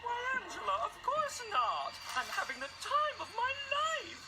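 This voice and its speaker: Gushy cartoon teacher lady, sugary sweet, loud music behind. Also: extremely high pitch, wildly swooping pitch, normal speed, heavily acted. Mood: gushing. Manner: sugary, gushing, clingy. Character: fussy adult woman teacher, gushing and doting. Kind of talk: cartoon voice acting.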